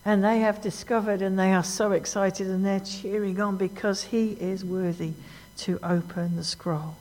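A woman preaching a sermon in a church, animated and emphatic, often asking the congregation questions. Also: medium pitch, normal speed. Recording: long hall reverb.

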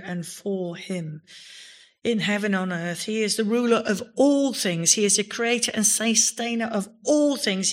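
Emphatic woman preaching a sermon. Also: mid-range voice. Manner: emphatic, rising to exclamations on key words. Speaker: pastor. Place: church.

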